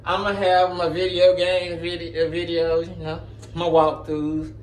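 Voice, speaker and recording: A man's voice: fairly high pitch, little pitch movement, measured pace, slight background noise. A man chatting casually to his channel, rambling in slang and laughing often as he jumps between topics, recorded on a phone. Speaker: gaming YouTuber. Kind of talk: casual vlog chat.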